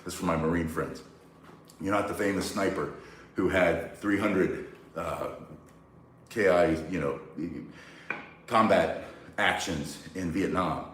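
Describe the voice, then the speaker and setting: A man's voice: sits low, takes it slowly, long pauses, slight background noise. A man teaching self-defense, bluntly and emphatically walking through each move step by step. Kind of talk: instructional demonstration. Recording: very echoey, mic far from speaker.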